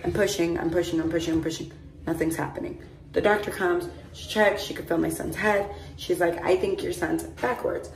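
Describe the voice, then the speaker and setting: A woman's voice: on the low side, creaky, a little hiss or hum. Chatty woman vlogging on a distant phone. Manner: chatty, rambling, frequent "like" and "mind you". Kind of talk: casual storytelling to camera. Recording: roomy echo, phone held at a distance.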